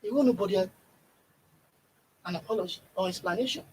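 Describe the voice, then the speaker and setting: A man commenting on politics in a studio discussion, relaxed and brushing off concern. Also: high voice, a little fast, husky, rough recording.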